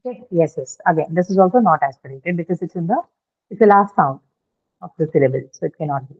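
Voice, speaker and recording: A woman's voice: on the low side, animated, fast talker, breathy edge. Lady teaching pronunciation over a call, keeps asking right?, tinny phone sound. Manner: explains patiently, checks in with "right?". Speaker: English teacher. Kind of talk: online English lesson.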